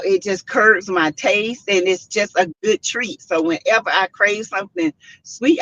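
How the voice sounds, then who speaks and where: A woman's voice: medium pitch, fairly bright tone, no echo. A middle-aged woman, hosting a casual livestream and chatting while greeting her viewers by name. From South Carolina. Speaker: livestream host. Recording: dull lo-fi livestream audio.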